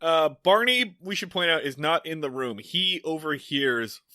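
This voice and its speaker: A man's voice: fairly high pitch, animated, measured pace, pushed and bright, no room sound, clean studio sound. A man co-hosting a podcast, recapping a sitcom episode in loose, profane, casual comedic chat. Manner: loose and profane, lots of fillers. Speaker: podcast co-host.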